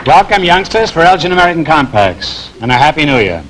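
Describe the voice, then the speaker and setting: A man's voice: on the high side, big pitch swings, a crowd in the background. Wisecracking man hosting a vintage quiz show. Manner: teasing, quick quips, drawn-out "huh?" tags. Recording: hissy 1949 broadcast recording.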